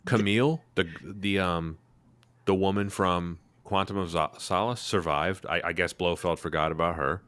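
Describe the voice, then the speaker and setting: A man with a low voice hosts a casual podcast chat. He picks things apart with dry sarcasm and open disbelief. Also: steady tone, moderate pace, fairly bright tone, no room sound. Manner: sarcastic, incredulous critique. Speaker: podcast host.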